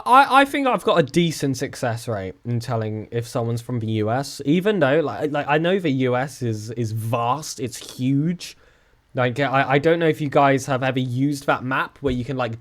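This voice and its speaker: A young man from the south of England with a southern English accent, chatting casually with his live-stream viewers and joking around. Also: normal speed. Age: young adult. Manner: chatty and joking, with lively swings in pitch.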